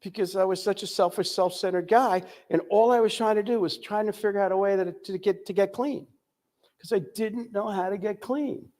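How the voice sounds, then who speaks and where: An older man from the United States giving a candid recovery testimony, telling his story with frequent pauses and fillers. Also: high voice, fairly even intonation, darkish tone. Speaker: recovery speaker.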